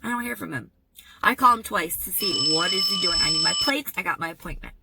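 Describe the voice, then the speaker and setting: A woman telling a personal story in a vlog, in an animated, emphatic storytelling manner. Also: on the low side, fairly quick, vocal fry, very noisy. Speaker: vlogger.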